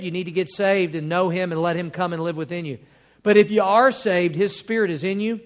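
A man preaching a sermon as pastor, quoting scripture and building to emphatic, drawn-out points. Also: high voice. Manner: preaching with rising emphatic bursts and drawn-out key words; quotes scripture in old King James wording.

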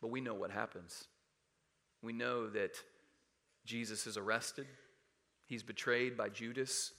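A man preaching a sermon, calling on the congregation to say verses with him, swinging from loud emphasis to hushed quiet. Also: fairly low pitch, fairly even intonation, measured pace. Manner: preaching with rising emphasis and audience call-and-response. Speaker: pastor.

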